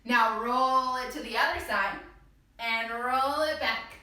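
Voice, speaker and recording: A woman's voice: a little high, slow pace, bright, forceful tone. A woman teaching a kids yoga class through pretend play, in a playful, encouraging, sing-song way. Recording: echoey room, voice from a distance.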